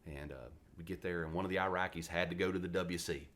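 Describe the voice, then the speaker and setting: A man's voice: deep voice, fast talker. A man in his forties from West Virginia, a retired Marine telling stories bluntly and with plenty of swearing as a podcast guest. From West Virginia, USA. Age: 40s. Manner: blunt, profane, animated storyteller. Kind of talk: casual interview storytelling.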